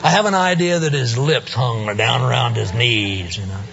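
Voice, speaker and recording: A man's voice: medium pitch, moderate pace, creaky, lo-fi sound, background noise. A male preacher giving a sermon in a church service, telling the story with humor and playful asides.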